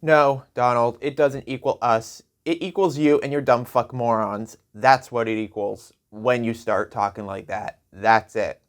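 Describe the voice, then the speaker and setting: Male late-night host: sarcastic, slow-paced monologue, chuckles at his own gags. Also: medium pitch, fairly even intonation. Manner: sarcastic, jokey, laughs at his own jokes. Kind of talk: comedic news monologue.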